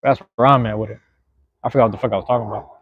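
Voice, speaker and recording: A young West Coast American man, a podcast host and live streamer, rambles through a casual live-stream monologue in a laid-back way, full of street slang and heavy cursing. His low-leaning, husky voice holds a steady tone at a very fast pace. The sound is phone quality with no room sound.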